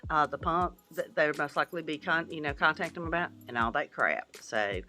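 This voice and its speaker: A woman's voice: low voice, brisk, pushed and bright. A middle-aged woman, giving a candid, venting vlog update and swearing freely. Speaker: vlogger.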